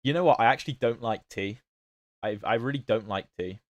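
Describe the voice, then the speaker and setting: This chess streamer talks at a fairly quick clip in a medium-pitched voice with no room sound. He has a British accent that's not quite standard and keeps up chatty commentary on his games while replying to his livestream chat.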